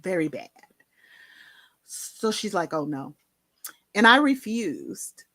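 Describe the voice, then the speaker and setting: A woman's voice: mid-range voice, big pitch swings, slow pace, pushed and bright, no room sound. A woman telling a personal story in a candid, conversational way, with many fillers and asides. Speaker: vlogger.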